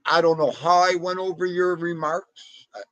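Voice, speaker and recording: A man hosting a livestream in casual, chatty talk, excitable, with sudden jumps up in pitch. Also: normal speed, no room sound, poor audio. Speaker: livestream host.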